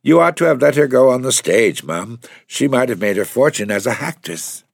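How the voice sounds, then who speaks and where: A man's voice: medium pitch, very animated, moderate pace, creaky, husky, dry recording, clean studio sound, voice pushed up, full character voice. A man reading aloud, voicing an effusive, admiring landlady in a storybook. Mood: delighted. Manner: effusive, exclaiming. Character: chatty, admiring older woman landlady.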